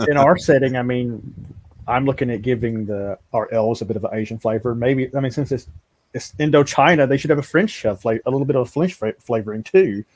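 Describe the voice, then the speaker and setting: A man's voice: mid-range voice, brisk, darkish tone, no room sound. A man co-hosting a podcast, chatting casually and thinking aloud like a storyteller. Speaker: podcast co-host. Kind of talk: casual chat.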